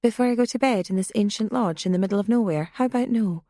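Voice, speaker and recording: A woman's voice: medium pitch, quick pace, no echo, clean studio sound, lightly acted. Woman voicing an edgy, incredulous young woman. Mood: uneasy. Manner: sharp and incredulous.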